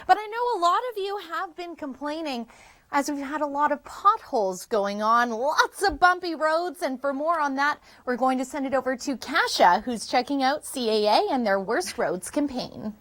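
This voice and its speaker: Lively high-voiced woman news anchor. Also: moderate pace, soft background music. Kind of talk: scripted studio news links.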